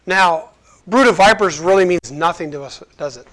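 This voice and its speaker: High-voiced man preaching casually. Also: normal speed. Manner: lively, jokey, acts out quotes. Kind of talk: casual conversational sermon.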